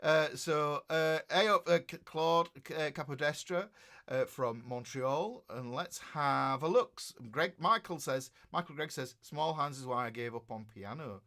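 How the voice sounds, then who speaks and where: Guy rambling thru viewer comments on a livestream, kinda high bright voice. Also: moderate pace, few pauses. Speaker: guitar teacher. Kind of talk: casual livestream chat.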